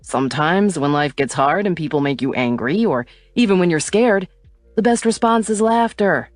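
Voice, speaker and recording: Woman narrator doing a teasing young guy, low and lightly playful, audiobook read. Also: animated, normal speed, dry recording, faint music behind, lightly acted. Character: teasing playful young man, a loyal friend.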